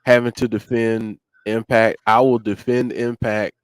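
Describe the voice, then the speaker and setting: A man's voice: mid-range voice, level tone, measured pace, clear, resonant tone, no echo. A man co-hosting a wrestling talk show, ranting and getting fired up in casual chat. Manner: ranting, gets fired up, self-interrupting. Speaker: podcast co-host.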